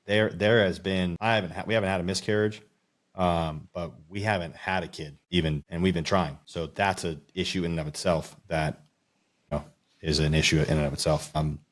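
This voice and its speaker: A man with a very deep, low voice hosts a podcast interview. He talks in a loose, casual way and encourages his guest like a coach. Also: fairly even intonation, brisk. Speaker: podcast host.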